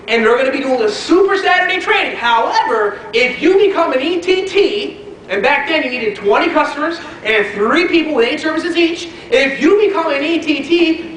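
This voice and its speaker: A man giving a motivational network marketing training, telling animated stories and quizzing the audience. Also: very high-pitched, normal speed, a little hiss or hum. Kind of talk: motivational speech to a live audience. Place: training event hall. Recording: echoey hall, distant mic.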